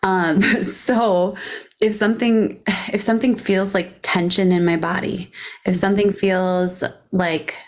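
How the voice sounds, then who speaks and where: A woman's voice: mid-range voice, fairly even intonation, a little slow. A woman entrepreneur speaking as a podcast guest, candid and frank, with frequent laughs. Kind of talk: casual interview chat.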